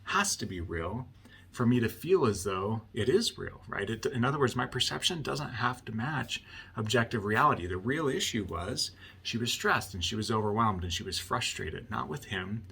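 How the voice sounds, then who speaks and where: A man's voice: lowish voice, lively intonation, normal speed, vocal fry, bright, forceful tone, husky. A man working as a marriage counselor, explaining a point through a client story in a conversational way and often checking in with "right?".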